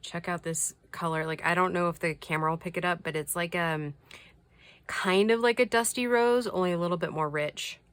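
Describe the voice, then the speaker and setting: A woman with a lowish, clear, resonant voice talks briskly. She gushes over crafty mail from subscribers as she shows each piece in casual chat, speaking softly and at times dropping to a whisper.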